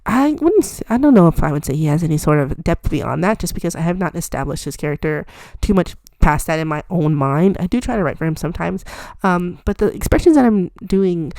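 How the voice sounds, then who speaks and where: A woman's voice: lowish voice, animated, fairly quick, mellow, no echo. A young woman chatting casually while she draws, rambling and self-deprecating with lots of fillers. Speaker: art vlogger. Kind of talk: casual chat while drawing.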